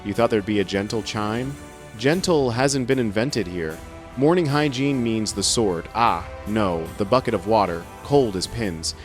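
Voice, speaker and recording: A man with a low voice tells a scripted first-person story, with a dry, sardonic wit running through every line. Soft music plays quietly underneath him. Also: a little slow. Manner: wry, sardonic humor. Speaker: narrator.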